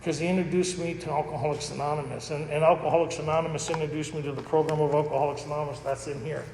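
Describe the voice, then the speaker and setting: Gravelly man telling his story in an echoey hall. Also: on the high side, steady tone, rapid-fire, darkish tone. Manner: candid, rambling storytelling. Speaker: recovery meeting speaker. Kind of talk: personal testimony talk. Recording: echoey hall with faint noise.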